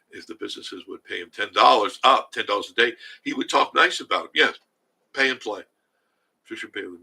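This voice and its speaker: An older man hosting a casual live stream, reading viewer comments and chatting in a rambling way with a husky voice. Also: lowish voice, bright, forceful tone, rough recording. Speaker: livestream host reading chat.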